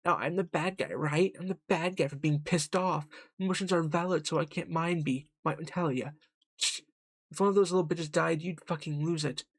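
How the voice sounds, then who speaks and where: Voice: medium pitch, normal speed, slightly rough, no room sound. A streamer voicing a bitter, jealous lover. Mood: angry. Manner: bitter and sarcastic. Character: lonely, jealous partner craving love. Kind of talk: voicing a game character.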